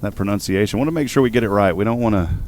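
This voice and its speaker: A man giving steady, measured baseball play-by-play commentary as the announcer. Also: slight background noise. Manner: steady, measured calls of each pitch.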